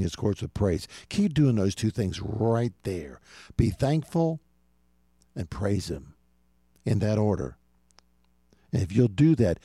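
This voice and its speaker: A man's voice: on the low side, dark tone, breathy edge, no echo, clean studio sound. A man preaching a radio sermon, earnest, with rising emphasis and asides to his listeners. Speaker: pastor.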